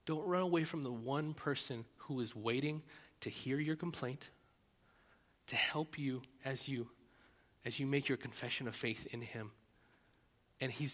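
A man preaching a sermon as pastor, animated, acting out loud rising prayers and often restarting his phrases. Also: medium pitch, big-room sound.

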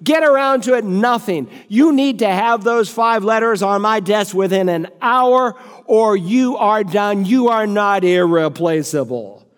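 A man's voice: high voice, animated, normal speed, long reverb tail. A man voicing a resentful male sales director who grumbles and snaps at staff. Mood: snapping. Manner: grumbling, then snapping orders.

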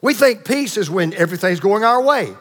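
A male pastor delivers a sermon in a fairly high voice, building emphasis through repeated phrases and drawn-out pauses. His words ring out with a long hall reverb around them. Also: animated, a bit bright. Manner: emphatic preaching with repetition and dramatic pauses.

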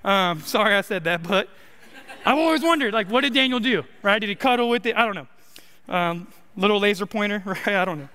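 A man's voice: high voice, lively intonation, brisk, sharp tone, smooth. A young man preaching a casual, joking sermon as a college minister, full of likes and rights. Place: church sanctuary. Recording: long hall reverb.

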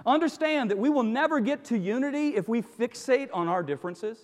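A man's voice: extremely high pitch, expressive, a little fast, hardly any pauses, long reverb tail. A man preaching a sermon as pastor, emphatic, with repeated phrases and rhetorical questions.

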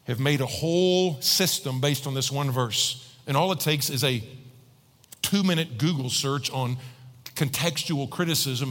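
A man preaching a sermon to a large congregation, animated, often acting out voices and joking with the crowd. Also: medium pitch. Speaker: pastor. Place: large church hall with about fifteen hundred people. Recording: long hall reverb.

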